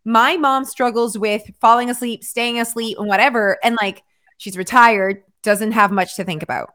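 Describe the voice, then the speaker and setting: A woman hosting a casual chat about weight loss and sleep, talking fast with lots of "like". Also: mid-range voice, a bit bright. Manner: chatty, lots of filler "like". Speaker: host.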